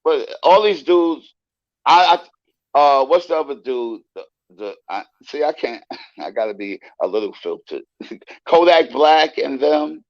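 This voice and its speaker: A man guest telling stories in a casual interview, animated and profane, acting out the voices he quotes. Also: on the high side, a little slow, dry recording, muffled recording. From United States.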